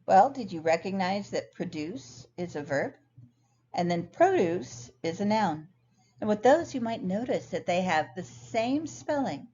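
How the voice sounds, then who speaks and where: A woman's voice: fairly low pitch, darkish tone. Woman teaching a recorded lesson, lo-fi. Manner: clear, patient explaining. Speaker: ESL instructor. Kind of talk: recorded lecture over slides. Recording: dull lo-fi sound, faint noise.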